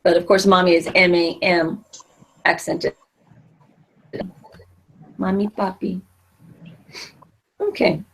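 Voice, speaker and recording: A middle-aged woman teaches a Spanish class in a classroom, explaining each point patiently and circling back with fillers and restarts. Her voice is a little low and husky. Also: flat delivery, slow pace, long pauses.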